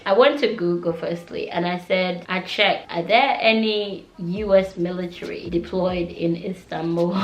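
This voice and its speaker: A woman's voice: on the low side, echoey room. A young woman vlogger telling a story to camera in a chatty, slangy way, laughing often.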